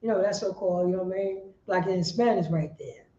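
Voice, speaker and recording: A woman preaching on the street, firing rhetorical questions and bursting into shouts. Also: fairly low pitch, quick pace, reverberant, lo-fi sound.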